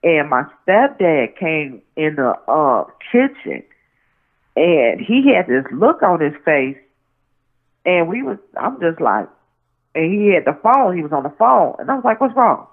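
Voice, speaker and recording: A woman's voice: low voice, big pitch swings, measured pace. A woman guest telling a story over the phone in a rambling way, full of restarts and "you know what I'm saying". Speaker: interview guest. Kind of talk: casual phone interview, storytelling. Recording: tinny phone line.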